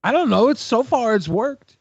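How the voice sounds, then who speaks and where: High-voiced man cracking crude jokes. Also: expressive, moderate pace, breathy edge, dry recording, highs cut off. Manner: crude, provocative joker. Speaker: podcast co-host. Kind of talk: casual podcast chat.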